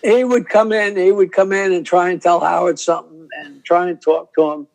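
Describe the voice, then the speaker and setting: An older comedian guest on a video call, telling stories in a rambling, self-interrupting way. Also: male voice, high-pitched, steady tone, moderate pace, gravelly, rough recording.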